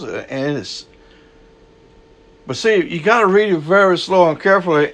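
A man preaching a sermon, swinging between loud, raised bursts and low, quiet asides. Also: normal speed.

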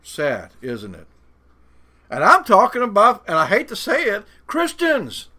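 His pitch sits high and swoops wildly, and his tone is bright and forceful. Preaching in a folksy manner, he lingers with dramatic pauses over the verses he reads and ridicules doubters with a put-on voice.

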